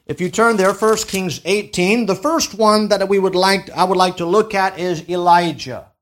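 A man preaching a sermon, reading scripture slowly and deliberately and rising to an emphatic, raised delivery. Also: sits high, steady tone, a bit bright.

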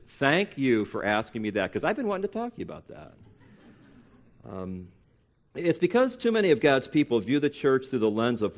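Preaching with a sing-song voice and a slightly quick pace, this man in his late forties leads his congregation emphatically. Sarcastic imitations of people's excuses pepper the sermon, and key lines land louder and higher as his force builds.

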